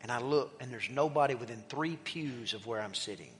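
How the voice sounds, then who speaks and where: A middle-aged man preaching in a church, telling a personal story in an animated way that swings between loud emphasis and hushed, quiet passages. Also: mid-range voice, brisk. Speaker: pastor. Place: church sanctuary. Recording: long hall reverb with faint music.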